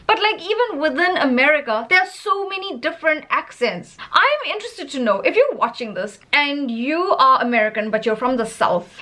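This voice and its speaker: A woman from South Africa with a South African accent, an English teacher talking in a casual vlog, emphatic and opinionated. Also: sits high. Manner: animated, emphatic and opinionated, with frequent laughs.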